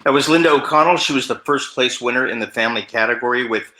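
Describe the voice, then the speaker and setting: A man's voice: mid-range voice, fast talker, bright, forceful tone, echoey room, low-quality recording. A man hosting an event, introducing the winner with upbeat thanks. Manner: upbeat and appreciative. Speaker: event host introducing readers.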